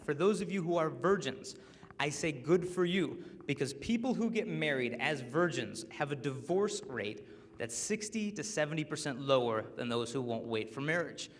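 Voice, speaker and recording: A man in his twenties giving a joking, animated chastity talk to high school students and acting out quotes. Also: normal speed. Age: 20s. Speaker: chastity speaker. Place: large hall with a live audience. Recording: reverberant hall with faint ambience.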